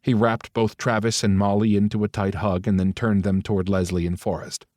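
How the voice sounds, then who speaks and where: Reading scripted audiobook narration, this man uses a lowish voice and a steady, measured storytelling delivery. Captured on a dry, close studio microphone, the recording has no room sound.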